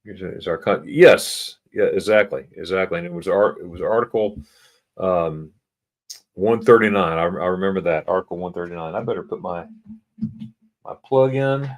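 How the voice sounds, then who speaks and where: A middle-aged man hosting a casual livestream, reading chat comments aloud in a halting way, often repeating words and chuckling. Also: low-pitched. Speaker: livestream host.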